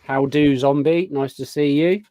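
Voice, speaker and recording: A man hosting a casual live show, chatting warmly through a long list of viewer greetings. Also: fairly high pitch, steady tone, a little slow, dry recording. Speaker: podcast host. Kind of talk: casual live-stream chat.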